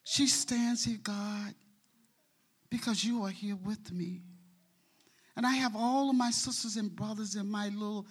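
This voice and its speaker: A woman's voice: medium pitch, fairly even intonation, unhurried, pauses often, slightly rough. A middle-aged woman stands before her congregation in church and gives an earnest, heartfelt testimony. She admits her nerves as she talks and keeps returning to praise God. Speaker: church member reading scripture. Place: church sanctuary.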